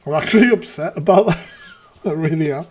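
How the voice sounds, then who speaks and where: A man's voice: fairly high pitch, a little fast, darkish tone. A man hosting a live reaction stream, talking casually with exasperated, profane rants.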